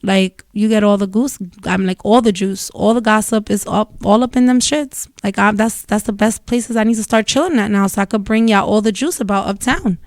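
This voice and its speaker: Speaking at normal speed with few pauses, a medium-pitched young vlogger delivers a casual, swear-heavy, rambling story straight to camera. Her family is Dominican, from New York, and the audio is clean studio sound with no room sound.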